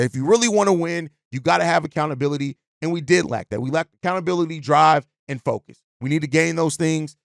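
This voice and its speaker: A man's voice: a little high, vocal fry, no room sound, studio quality. A man hosting a sports talk podcast, speaking with emphatic, repetitive phrasing about his team. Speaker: podcast host.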